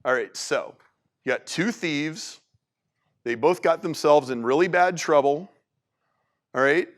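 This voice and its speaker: Animated man giving a talk. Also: on the high side, a little slow. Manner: animated, conversational, many restarts and "like". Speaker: speaker. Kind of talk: talk to an audience.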